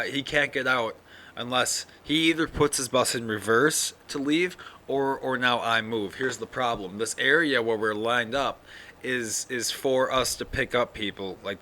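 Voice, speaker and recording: A sleepy man rambles through his own podcast in a loose solo monologue, swearing freely and yawning between thoughts. His voice is bright and forceful at an ordinary pitch. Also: a little hiss or hum. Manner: rambling, yawning, profane, full of fillers. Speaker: podcast host.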